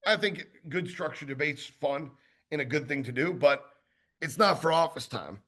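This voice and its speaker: A man giving a casual sales training talk, acting out quick exchanges with customers and tossing in lots of fillers and asides. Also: fairly high pitch. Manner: animated, acts out customer exchanges; conversational with many fillers and asides.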